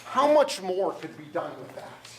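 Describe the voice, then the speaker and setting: Joking pastor in an echoey church. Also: male voice, high-pitched, very animated, a little slow, noisy background. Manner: conversational and joking with the congregation. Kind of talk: sermon. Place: church sanctuary. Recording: roomy church sound from a distance. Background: guitar music.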